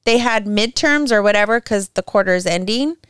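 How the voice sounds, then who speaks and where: A woman's voice: medium pitch, lively intonation, brisk, smooth, no room sound, clean studio sound. A woman in her forties, a podcast co-host and mother of teenagers, telling family stories in casual chat, rambling and laughing often.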